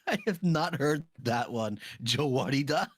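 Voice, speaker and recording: A man joining over a voice call, reacting quickly and laughing at the jokes. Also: mid-range voice, animated, background noise. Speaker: guest on a call.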